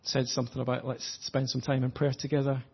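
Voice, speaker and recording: Husky-voiced male preacher, lo-fi. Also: medium pitch, little pitch movement. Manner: earnest, reflective, slows for emphasis. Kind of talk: sermon.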